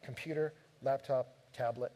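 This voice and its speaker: A man preaching a sermon, telling stories from his home life in an animated, direct way. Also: mid-range voice, normal speed. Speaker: pastor.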